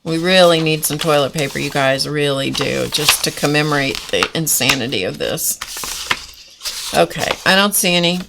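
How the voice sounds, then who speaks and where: A woman with a lowish voice hosts a casual art journaling live stream. She chats loosely and giggles often, rambling as she works. A faint hiss sits under her voice. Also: normal speed, creaky. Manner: chatty and giggly, rambling while working.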